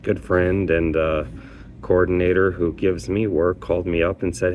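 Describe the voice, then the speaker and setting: A man with a very low voice tells his own story casually, with a rambling, halting delivery and frequent restarts. He sounds aggrieved, and there is faint noise behind him. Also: little pitch movement, narrow, tinny audio. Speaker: petition worker.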